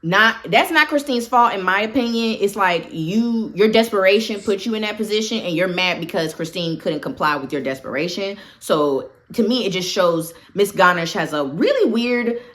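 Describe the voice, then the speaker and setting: A woman's voice: medium pitch, animated, moderate pace, hardly any pauses, fairly bright tone. A woman casually recapping a horror film for her channel, talkative and full of opinionated asides. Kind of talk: casual movie recap commentary.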